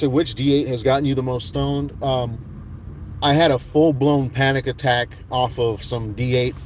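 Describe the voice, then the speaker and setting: A man's voice: mid-range voice, slight background noise. A man in his thirties, casually chatting on a livestream and reading out viewer comments in a laid-back, rambling way with lots of restarts. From United States. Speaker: livestream host reading chat. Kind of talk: casual chat.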